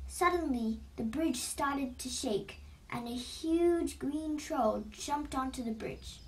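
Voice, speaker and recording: A woman narrating an illustrated storybook in a slow, expressive read-aloud style, heard from a distant mic. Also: sits high.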